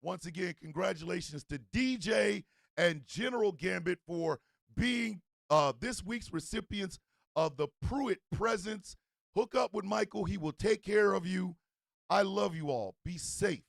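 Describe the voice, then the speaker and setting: A man's voice: high voice, lively intonation, a little slow, gravelly, no echo. A man hosting a morning talk show, signing off with rambling, heartfelt thanks to his listeners. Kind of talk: casual sign-off chat.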